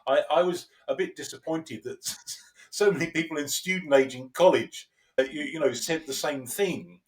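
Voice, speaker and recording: A man in conversational discussion as a podcast co-host and lecturer, talking in an animated way, chuckling often and restarting his phrases. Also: on the high side, normal speed, distant mic.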